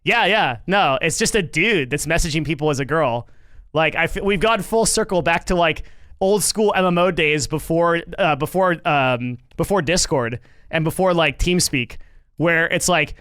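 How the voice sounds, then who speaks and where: A man's voice: high-pitched, moderate pace, fairly bright tone, smooth, no room sound. A man streaming and reacting to news in casual commentary, rambling with lots of fillers, restarts and swearing.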